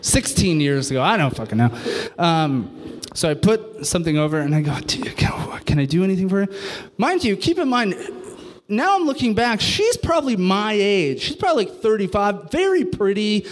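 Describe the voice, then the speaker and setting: A man's voice: high-pitched, normal speed. A man in his thirties telling a stand-up story on a club stage, swearing and acting out every voice. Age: 30s. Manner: animated, profane, acts out quotes. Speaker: stand-up comedian. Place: comedy club stage with audience.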